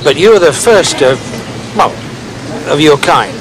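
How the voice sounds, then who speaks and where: A chatty, nosy landlord, awkwardly friendly. His voice is fairly high and lilting, with clear outdoor noise and a passing boat behind him. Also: expressive, takes it slowly. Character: chatty, nosy pub landlord, middle-aged man.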